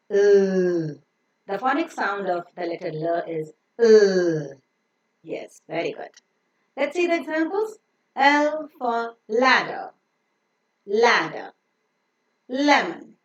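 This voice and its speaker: A woman teaching pronunciation in a slow, deliberate lesson, repeating each word for learners to copy. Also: medium pitch. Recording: echoey room.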